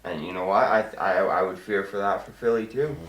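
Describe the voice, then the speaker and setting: A man's voice: sits low, fairly quick, a crowd in the background. A man co-hosting a casual hockey chat, chiming in with crude jokes and frequent laughter. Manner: joking, chimes in with laughter and crude jabs. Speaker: co-host of a hockey show. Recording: echoey room.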